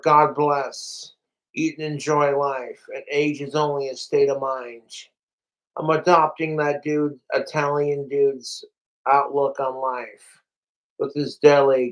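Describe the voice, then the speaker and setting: A man's voice: mid-range voice, flat delivery, measured pace, rough recording. A man livestreaming, rambling profanely and animatedly straight to his viewers in casual chat. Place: home, overnight livestream.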